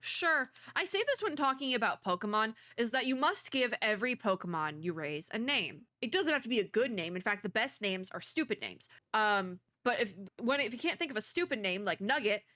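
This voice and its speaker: A woman's voice: on the high side, expressive, fairly quick, few pauses, pushed and bright, no echo, studio quality. Giggly young woman gaming streamer. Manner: chatty, giggly, thinking aloud. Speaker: gaming content creator. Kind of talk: casual let's-play commentary.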